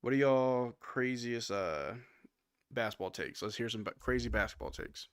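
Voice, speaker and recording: A man's voice: medium pitch, moderate pace, clean tone, no room sound, studio quality. A man hosting a live stream watch-along, calling plays casually, reading stats and answering chat, a little sleepy and yawning. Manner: relaxed, reads stats and replies to chat. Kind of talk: casual play-by-play commentary with chat.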